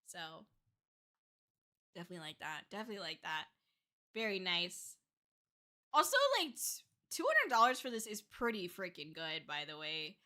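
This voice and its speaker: A woman's voice: lowish voice, big pitch swings, normal speed, pauses often, bright, forceful tone. A young woman streaming as a VTuber, chatting casually, gushing and giggling over artwork with frequent squeals. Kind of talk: casual livestream chat.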